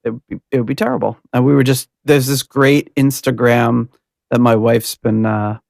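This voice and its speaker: A man's voice: mid-range voice, fairly even intonation, moderate pace, gravelly, a little mellow, no echo, studio quality. A man hosting a podcast, chatting casually and rambling with laughs and restarts. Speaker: podcast host.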